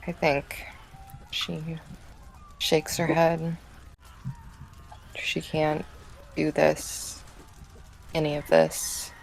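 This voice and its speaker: A player in a tabletop role-playing game, describing their character's actions in a hesitant, halting way. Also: medium pitch, vocal fry, a little hiss or hum, poor audio.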